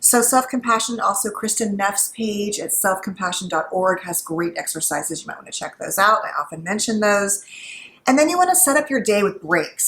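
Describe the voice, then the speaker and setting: A middle-aged woman psychologist giving casual, gently instructive advice while cooking at home, with a conversational manner. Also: mid-range voice, reverberant, slight background noise, rough recording. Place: home kitchen.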